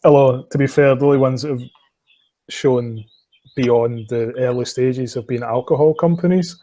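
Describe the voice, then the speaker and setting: A man's voice: medium pitch, moderate pace, mellow. A young man with a West of Scotland accent, hosting a podcast in casual chat, swearing freely and laughing at himself. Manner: profane, laughing, self-mocking. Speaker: podcast host.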